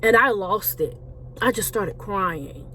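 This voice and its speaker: A woman's voice: medium pitch, lively intonation, slow, pushed and bright, a little hiss or hum. A woman, a Christian life coach and author, telling her personal story to viewers in a conversational way, calling them y'all.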